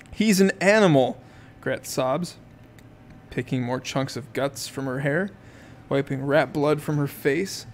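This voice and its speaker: A man reading first-person audiobook narration in an amused, lively way. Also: medium pitch.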